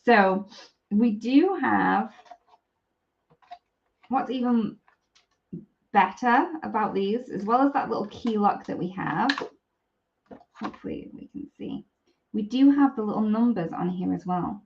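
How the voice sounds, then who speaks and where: A woman's voice: medium pitch, unhurried, gravelly, long pauses, a little mellow, lo-fi sound, a little hiss or hum. Chatty woman demoing crafts. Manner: chatty, apologetic, talks while working. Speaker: craft demonstrator. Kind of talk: live-stream product demo.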